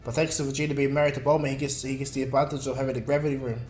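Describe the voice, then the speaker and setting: A man's voice: medium pitch, level tone, racing, darkish tone, echoey room. Rambling man telling a fan story. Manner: rambling, filler-heavy, self-correcting. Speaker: video creator. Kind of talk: casual fan-fiction retelling.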